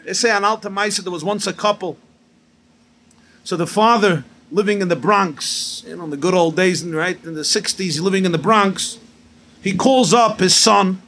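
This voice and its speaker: High-voiced rabbi, lively storyteller. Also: male voice. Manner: lively storyteller, mixing in Hebrew and Yiddish terms. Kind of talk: sermon at a gathering, with jokes.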